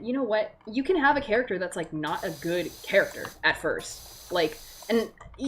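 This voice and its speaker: A woman's voice: medium pitch, a little hiss or hum. A young woman ranting casually and with heavy swearing, full of "like" fillers, while she plays a game at her desk. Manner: animated, profane, rants with filler "like". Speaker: vlogger. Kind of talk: casual rant.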